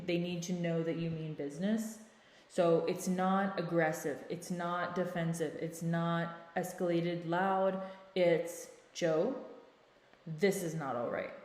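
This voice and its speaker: Low-voiced woman in an echoey room. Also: darkish tone. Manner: conversational, often adds "right?" tags. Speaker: podcast host. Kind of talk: casual advice monologue. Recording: echoey room with long reverb.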